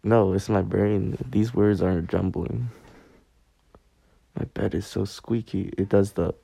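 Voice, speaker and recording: A young man hosts a rambling solo podcast from his bedroom, sitting on a squeaky bed and joking in a goofy, self-mocking way. His voice is fairly low, mellow and husky with vocal fry, and there's no echo.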